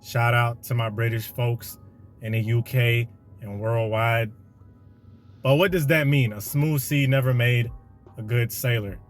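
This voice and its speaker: A man hosts a podcast and talks straight to his listeners in a casual, slangy way, preaching about self-improvement. His pitch is mid-range. Faint music plays underneath. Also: fairly even intonation, unhurried. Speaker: podcast host. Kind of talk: casual motivational monologue.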